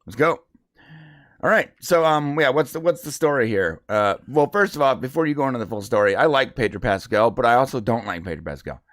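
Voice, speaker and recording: A man's voice: medium pitch, lively intonation, a bit bright, no echo, clean studio sound. Rambling male podcast co-host. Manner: rambling, halting with many fillers. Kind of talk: casual chat.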